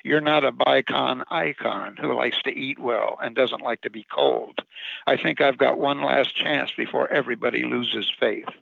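A gravelly, weary Santa Claus, read by a man. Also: mid-range voice, normal speed, narrow, tinny audio, slight background noise. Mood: weary, bitter. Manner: sad, tired, complaining. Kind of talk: storybook reading.

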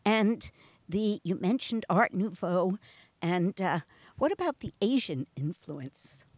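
A woman with a New York accent hosting a casual interview, chatty and quick to laugh. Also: on the low side, lively intonation, a little mellow. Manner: chatty, laughs often, restarts sentences. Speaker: radio show host.

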